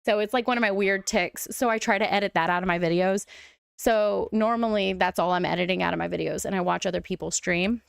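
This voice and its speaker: A woman's voice: medium pitch, fairly quick, vocal fry, clear, resonant tone, dry recording, studio quality. A young adult woman chatting casually while streaming a game, rambling and laughing often. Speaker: gaming streamer. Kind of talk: casual live stream chat.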